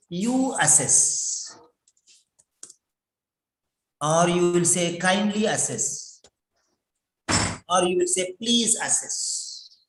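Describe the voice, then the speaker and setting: A man teaching English writing for exams in an emphatic, repetitive lecture full of rhetorical questions. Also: sits high. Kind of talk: classroom-style lecture. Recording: echoey room.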